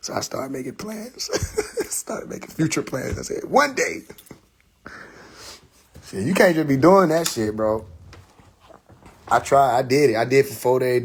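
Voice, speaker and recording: A man with a medium-pitched, breathy-edged voice hosts a casual live stream on social media from his phone. He tells a story in loose slang and laughs often.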